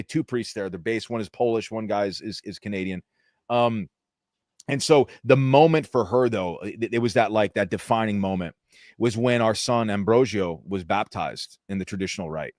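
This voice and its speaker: A man's voice: on the low side, normal speed, darkish tone, no echo, clean studio sound. A man in his thirties talking casually on a podcast, earnest and enthusiastic, calling his friend dude. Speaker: podcast co-host.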